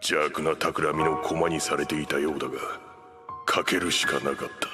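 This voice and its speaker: An actor playing a grim, monstrous male orc warlord in an anime, with a very deep, heavy voice. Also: flat delivery, fast talker. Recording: anime clip with reverb and music.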